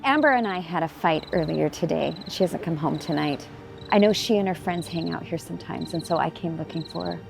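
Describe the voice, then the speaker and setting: A woman's voice: low-pitched, a little fast, gravelly. An actress playing a frustrated, sarcastic mother in a film drama. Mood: shaken. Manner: defensive, clipped and sarcastic. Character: frustrated middle-aged mother named Erin. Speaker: actor. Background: film score music.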